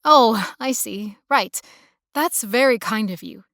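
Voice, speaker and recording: A woman's voice: a little high, lively intonation, slow pace, a bit bright, no room sound, studio quality, full character voice. A woman voicing a stranded city woman who talks in a guarded, stiff, precise way. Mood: wary.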